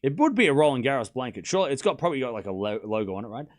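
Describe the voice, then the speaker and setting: A man's voice: mid-range voice, big pitch swings, racing. Chatty man calling tennis live. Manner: chatty, joking asides mixed with play-by-play. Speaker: tennis watchalong host. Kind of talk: live streamed match commentary.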